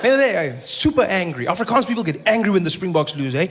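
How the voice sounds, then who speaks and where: A young South African man doing a stand-up comedy set, telling stories in an animated way and jumping into high mock outrage. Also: quick pace, few pauses, slight background noise. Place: comedy stage before a live audience.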